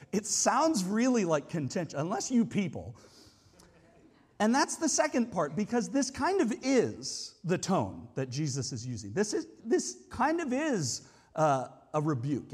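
A man's voice: sits high, huge pitch swings, moderate pace, a little mellow, breathy edge. A man preaching a sermon as a pastor, talking in a conversational, explanatory way with frequent hedging asides. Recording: long hall reverb.

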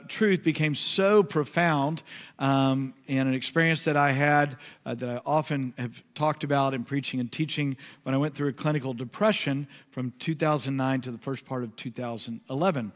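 A male pastor preaching a sermon, shifting from relaxed storytelling to a hushed, prayerful voice. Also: a little high, long reverb tail.

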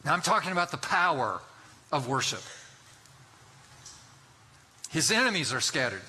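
A man's voice: fairly high pitch, sing-song, moderate pace, sharp tone, breathy edge. A man in his sixties preaching a sermon, telling folksy stories and urging his listeners on with emphatic exhortations. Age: 60s. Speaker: pastor.

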